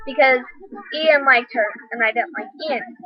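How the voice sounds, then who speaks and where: A woman's voice: high voice, measured pace, no room sound, lo-fi sound. A teenage girl rambling through a school drama story in a casual vlog, full of "like" and "um". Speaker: vlogger.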